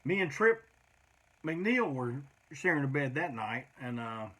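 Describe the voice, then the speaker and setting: A man's voice: mid-range voice, sing-song, unhurried, a bit bright. A middle-aged man, a punk band singer, telling rambling, profane road stories in a casual monologue.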